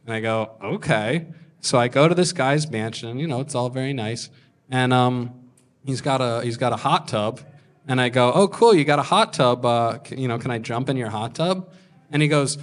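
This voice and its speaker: A man in his twenties telling a crude story on stage as a stand-up comedian, deadpan with sudden shouted punchlines. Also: mid-range voice, normal speed. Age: 20s.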